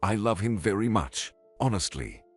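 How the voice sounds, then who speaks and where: A man's voice: fairly low pitch, big pitch swings, moderate pace, breathy edge, soft background music. A man reading the lines of an earnest, protective woman who pleads and scolds. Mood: pleading.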